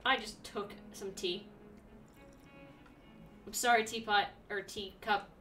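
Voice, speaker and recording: A young woman streaming a video game, chatting excitedly to herself and breaking into sudden squeals. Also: medium pitch, slow pace, far from the mic, faint music behind. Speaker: let's play streamer. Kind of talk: casual gameplay commentary.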